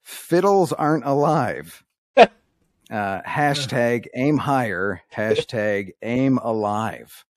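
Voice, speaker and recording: A man co-hosting a podcast, telling one-liners deadpan and coaxing his co-hosts to laugh. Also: medium pitch, takes it slowly, no room sound, studio quality. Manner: deadpan joke delivery, coaxing laughs with "come on". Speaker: podcast co-host telling jokes. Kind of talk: casual podcast banter.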